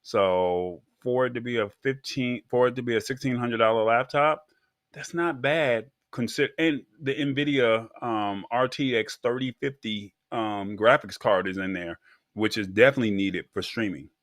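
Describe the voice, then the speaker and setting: A man co-hosting a casual tech talk show, rambling with frequent pauses and restarts. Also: medium pitch, a bit bright, no room sound, studio quality. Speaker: co-host.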